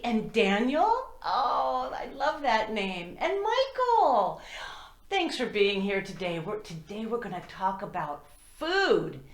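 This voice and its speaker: A woman teaching a children's circle-time lesson, talking slowly and in a sing-song way to small children, with songs. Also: a little high. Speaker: preschool teacher. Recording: roomy echo.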